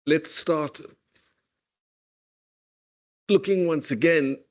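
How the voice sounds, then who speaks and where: A man giving a university lecture on poetry over a video call, talking casually and peppering his points with "okay" and "whatever". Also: fairly high pitch. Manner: reads verse aloud slowly and deliberately. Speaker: literature lecturer. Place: online meeting.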